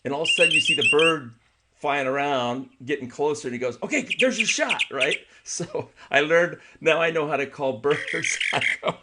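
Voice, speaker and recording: A man co-hosting a podcast, telling an animated, rambling travel story with laughs and restarts. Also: on the high side, moderate pace, heavy background noise. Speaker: podcast co-host. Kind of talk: casual storytelling chat.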